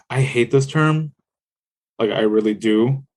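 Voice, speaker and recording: A man's voice: mid-range voice, takes it slowly, darkish tone. A young man from the United States, a podcast guest, talking in a laid-back, rambling way with lots of fillers and swearing. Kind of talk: casual chat.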